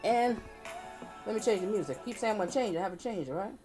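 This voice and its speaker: A woman's voice: mid-range voice, expressive, fast talker, music in the background. A woman hosting a live advice stream, chatting with viewers and leading a prayer. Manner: chatty, reads out viewer comments, prays earnestly.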